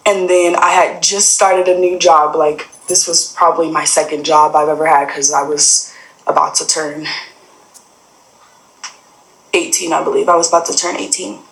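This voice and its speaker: A young adult woman with a somewhat low voice tells a personal story in a loose, rambling way, leaning on fillers and acting out quoted conversations. The recording carries a noticeable roomy echo. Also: fairly even intonation, normal speed, vocal fry. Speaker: guest sharing a personal story.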